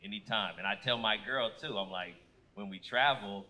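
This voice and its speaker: A man doing a stand-up comedy set on a club stage, loud and animated, shouting his punchlines into a handheld mic. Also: lowish voice, normal speed.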